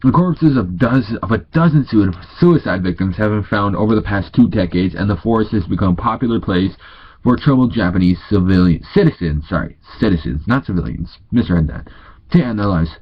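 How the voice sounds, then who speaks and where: Here a stuffy-nosed, tired young man from North Dakota, USA, reads ghost stories casually, adding asides and correcting himself when he stumbles. He sounds husky and expressive, with a lowish pitch and a slightly fast pace, all on dull-sounding audio.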